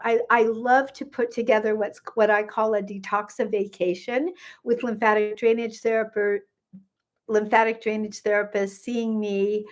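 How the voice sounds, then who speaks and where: Nearly seventy, this gut health coach has a medium-pitched voice. She's livestreaming from her phone, saying hello to viewers by name and slipping into meandering side comments as she chats.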